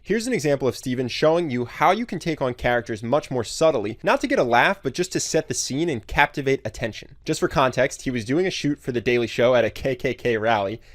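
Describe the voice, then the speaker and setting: A man giving scripted narration in a clear, explanatory way. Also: medium pitch, animated, fairly quick, few pauses, dry recording, clean studio sound.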